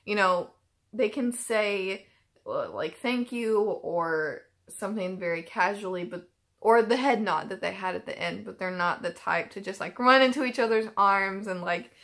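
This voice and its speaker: A woman's voice: medium pitch, normal speed, a bit bright. A woman hosting a reaction channel, chatting casually and emotionally, with lots of filler words and restarts. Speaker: YouTube reaction channel host. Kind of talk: casual chat.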